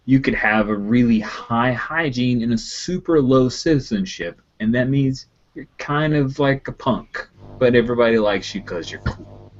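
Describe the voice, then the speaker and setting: A man acting as game master, laying out the rules of a tabletop game in a relaxed, chatty way and laughing easily. His voice is mid-pitched and comes through a dull, lo-fi online call.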